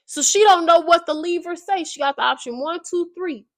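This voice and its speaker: A woman's voice: extremely high pitch, fairly quick, no room sound. Slangy woman recapping a book. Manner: slangy, animated retelling. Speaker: video creator.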